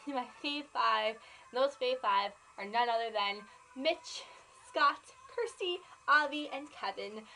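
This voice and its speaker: A nineteen-year-old woman vlogging, gushing excitedly about a band she loves, full of "like" and "oh my gosh". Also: on the high side, a little hiss or hum, rough recording. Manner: excitable, gushing, filler-heavy. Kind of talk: gushing fan vlog.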